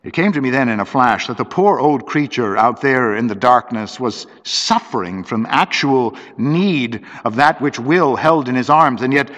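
A man's voice: mid-range voice, fairly bright tone. Man reading a story, long reverb. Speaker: narrator.

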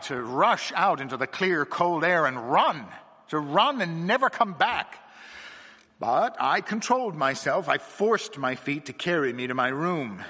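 A man reads a dark horror story in a husky, bright-edged voice. His delivery is tense and dramatic, dropping low and climbing high, with a long hall reverb trailing each line. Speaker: narrator.

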